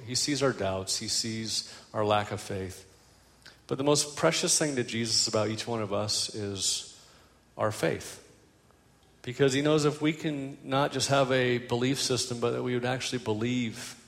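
A man's voice: medium pitch, long reverb tail. An older man preaching a sermon as a pastor, telling stories with self-deprecating humor.

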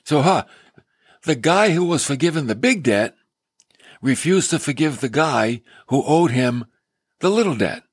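A man preaching a sermon, retelling a parable with animated storytelling and acting out the characters. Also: fairly high pitch, measured pace, long pauses, slightly rough, no echo.

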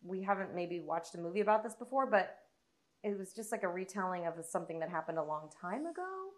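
A woman's voice: fairly low pitch, animated, brisk. A woman co-hosting a casual movie podcast, chatty and laughing easily, with a casual swear now and then. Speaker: podcast co-host.

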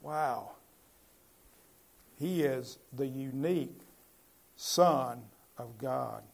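A man's voice: medium pitch, very slow, vocal fry. A man preaching a Bible-teaching sermon in a conversational way, asking his listeners questions and building to emphatic points.

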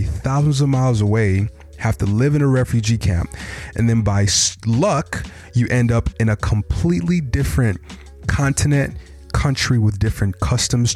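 A man's voice: mid-range voice, a little mellow. A man introducing a podcast episode in a scripted, dramatic way, asking listeners to imagine scenes. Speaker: podcast host.

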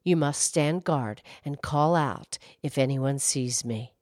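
A woman's voice: a bass voice, takes it slowly, darkish tone, no echo, studio quality. A woman voicing a sly scheming thief. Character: sly thieving farmer man.

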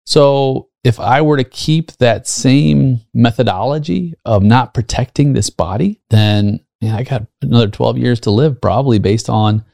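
Fifty-something guy hosting his podcast, gravelly voice, earnest and chatty, dry close sound. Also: medium pitch, a little slow, hardly any pauses, warm tone, no echo. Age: 50s. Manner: earnest, personal storytelling with rhetorical questions. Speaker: podcast host. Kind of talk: solo leadership podcast monologue.

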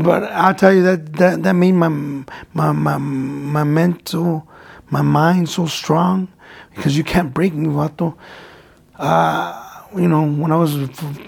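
A man in his forties speaks in a slightly high, gravelly voice. As a guest in a relaxed interview, he tells stories in a loose, rambling way, stumbling over repeated words and slipping in Spanish slang. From United States. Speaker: guest, former boxer. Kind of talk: casual interview storytelling.

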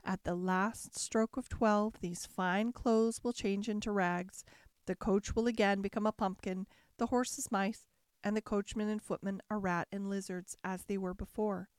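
A woman reading a storybook aloud, voicing a kindly, brisk little old fairy godmother who gives orders gently. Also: mid-range voice, steady tone, clear, resonant tone, no room sound, clean studio sound, close to an everyday voice. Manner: gently commanding, quick to impatience.

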